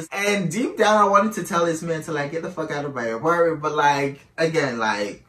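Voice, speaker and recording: A chatty man tells a candid personal story, tossing "girl" into his sentences as he goes. His voice is bright and forceful. He sits back from the mic, and the room adds a noticeable echo. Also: fairly high pitch, moderate pace, hardly any pauses, recorded from a distance. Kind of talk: casual storytime monologue.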